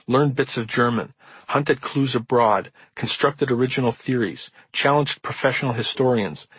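A man reading the introduction to his own nonfiction book as an audiobook, in measured, earnest storytelling. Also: medium pitch, slightly rough, no room sound, rough recording. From Midwestern United States. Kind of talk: audiobook narration.

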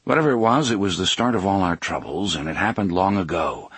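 A man voicing a weathered gunslinger leader, speaking in a measured, solemn, old-fashioned way. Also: sits low, lively intonation, a bit bright, slightly rough, no echo, full character voice. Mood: grave.

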